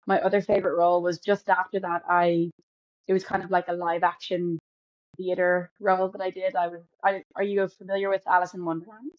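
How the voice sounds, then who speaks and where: A woman's voice: lowish voice, no room sound. A young Irish woman, an actor, chatting casually as a podcast guest with lots of fillers and restarts. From Ireland. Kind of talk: casual interview chat. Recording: dull lo-fi sound, dry.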